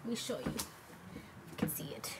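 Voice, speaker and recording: A woman casually walking through a makeup tutorial at home, rambling with lots of fillers. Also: normal speed. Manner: relaxed, rambling, with many fillers. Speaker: makeup vlogger. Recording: noticeable background noise.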